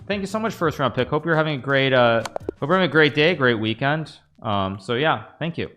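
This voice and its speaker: While playing chess on a live stream, this American man in his thirties keeps up a rambling, chatty commentary for his viewers. His voice is medium in pitch, expressive and fairly bright, moving a little fast over faint background music.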